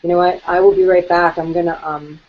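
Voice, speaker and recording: Chatty low-voiced woman on a call. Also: fairly quick. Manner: chatty, lively. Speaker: co-host. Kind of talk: casual live webinar chat. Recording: muffled online call audio.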